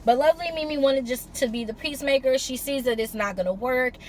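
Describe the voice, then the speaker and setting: A high-pitched woman speaks quickly, with a little hiss or hum on the recording, as she recaps a reality TV episode. She reviews it casually and chattily, mixing summary with blunt, sassy opinions.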